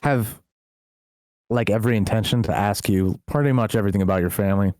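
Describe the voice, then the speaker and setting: A man's voice: lowish voice, fast talker, darkish tone, dry recording, clean studio sound. A man co-hosting a podcast, asking curious, playful questions with lots of laughter. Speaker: podcast co-host. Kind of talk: casual chat.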